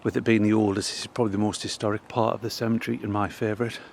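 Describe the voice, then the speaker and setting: A man talks through a cemetery walk in a casual, unscripted way. His voice sits fairly low, and he sounds a little out of breath. A faint hiss of outdoor air runs underneath. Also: little pitch movement, creaky, a little mellow. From North East England. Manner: reads old headstone inscriptions with pauses and restarts. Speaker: local history vlogger. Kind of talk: casual walking tour commentary.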